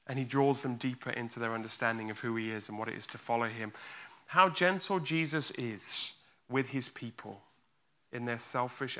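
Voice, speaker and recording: A man preaching an earnest, expressive sermon in church and acting out the quotes he reads. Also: mid-range voice. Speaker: pastor.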